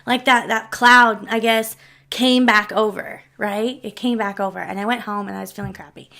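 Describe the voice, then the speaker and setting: Chatty woman vlogger, slightly high voice. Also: sharp tone. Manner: rambling, heartfelt, with many restarts and asides. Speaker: vlogger telling personal stories. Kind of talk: casual storytelling to camera.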